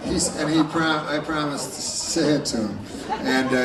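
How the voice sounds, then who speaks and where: Guy doing standup, deadpan and rambly, kinda high voice, mic far off in a big echoey room. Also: normal speed, crowd noise, background noise. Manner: deadpan, meandering delivery with dark asides. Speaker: stand-up comedian. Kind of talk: stand-up set. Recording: roomy live club recording from far off. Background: loud audience laughter.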